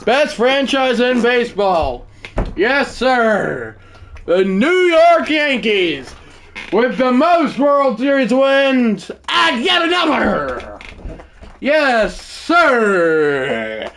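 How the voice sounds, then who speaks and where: Excitable high-pitched male streamer. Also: drawn-out words, slight background noise. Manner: excitable, shouts celebrations then drops to low mumbles. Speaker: livestream host. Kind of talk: live video game play-by-play.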